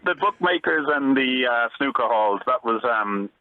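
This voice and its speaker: A former footballer calling in to a radio show, chatting in an easygoing, modest way. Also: male voice, medium pitch, expressive, normal speed, no room sound. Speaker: phone-in guest, former footballer. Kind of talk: casual chat on a phone line. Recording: tinny phone line.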